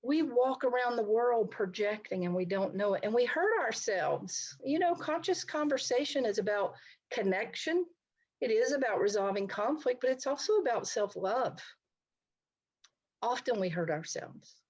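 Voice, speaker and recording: A middle-aged woman counselor gives a talk over a video call, in a voice pitched a bit high. She keeps it chatty and engaging and often speaks straight to her listeners. The sound is muffled and lo-fi, like a computer mic. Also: animated, moderate pace, darkish tone, slightly rough. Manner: conversational, engaging, addresses audience directly. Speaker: licensed counselor presenting a talk. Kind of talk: online presentation to a society.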